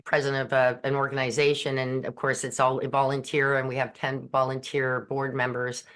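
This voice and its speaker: A woman's voice: low voice, fairly bright tone. A woman hosting a podcast, chatty and prone to fillers as she talks with her guest. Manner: chatty, laughs while talking, hesitant fillers. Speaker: podcast host. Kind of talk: conversational interview.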